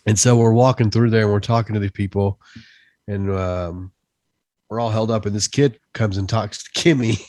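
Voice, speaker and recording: A man's voice: fairly low pitch, normal speed, dry recording. A man co-hosting a veterans' podcast, recalling a patrol story in an easygoing way and laughing as he tells it. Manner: relaxed storyteller, laughs at his own tale. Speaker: podcast co-host. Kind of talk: casual veterans' podcast chat.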